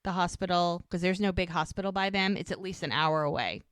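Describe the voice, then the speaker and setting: A woman co-hosting a podcast, casually recapping an episode with animated storytelling. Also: fairly low pitch, fairly quick, smooth, no echo, clean studio sound. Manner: animated storytelling, acts out quoted lines. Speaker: podcast co-host.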